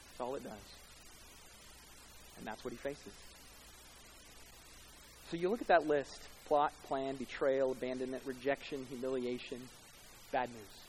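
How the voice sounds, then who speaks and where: A man preaching a sermon as pastor, swelling louder and slower on key points. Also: a little hiss or hum, poor audio. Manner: rises in pitch and loudness for emphasis, slows on key words.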